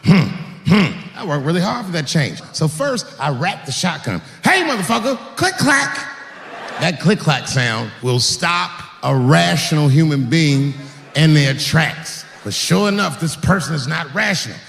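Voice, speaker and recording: A man performing profane stand-up comedy on stage, acting out stories with shouted sound effects. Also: fairly high pitch, unhurried, gravelly. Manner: profane, animated, full of acted-out sound effects. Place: stage in a large hall. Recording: echoey hall, faint noise.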